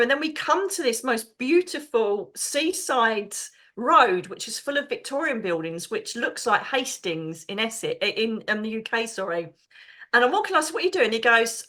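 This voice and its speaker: A middle-aged woman, a podcast guest, telling stories excitedly and chattily, acting out the voices of people she quotes. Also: on the high side. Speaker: podcast guest, psychic medium. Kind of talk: animated storytelling.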